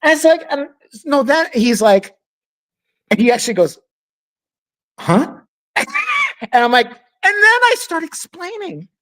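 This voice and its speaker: A man's voice: very high-pitched, huge pitch swings, unhurried, pauses often, bright, forceful tone. A man co-hosting a podcast, telling a story in casual chat, laughing often and acting out what other people said. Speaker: podcast co-host.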